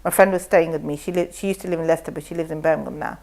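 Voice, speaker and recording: A middle-aged woman, a guest on a talk show, telling her story in a lively way and acting out what others said. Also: low voice, very fast, gravelly. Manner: animated storytelling, acts out quotes. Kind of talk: casual chat.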